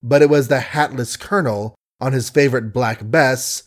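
A man narrating an audiobook in a measured storytelling manner. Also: mid-range voice.

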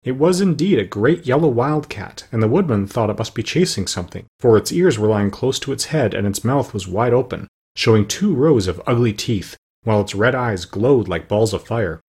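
A man reading a storybook aloud as narrator, steady and plain, with the odd small slip. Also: medium pitch, moderate pace, few pauses, husky. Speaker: audiobook narrator.

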